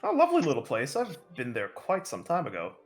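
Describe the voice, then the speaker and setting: A man playing a courtly knight, fussy, apologetic, flustered, raised pitch. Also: wildly swooping pitch, fairly quick, faint music behind. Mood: curious. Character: flustered, overly polite human male knight.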